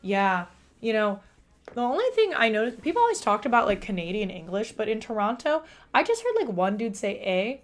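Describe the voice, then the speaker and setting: A young woman streaming from a room at home with a monotone voice. She chats casually and answers her chat. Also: on the high side, a little fast. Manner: chatty, reads out and answers chat. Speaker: live streamer.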